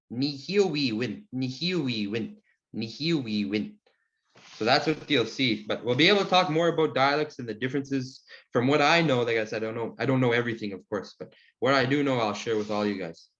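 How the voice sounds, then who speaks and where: Man, language teacher, relaxed rambling talk, muffled call audio. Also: mid-range voice, brisk, hardly any pauses. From Saskatchewan, Canada. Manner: relaxed, friendly, rambling with fillers. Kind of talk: online class, answering questions. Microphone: video call.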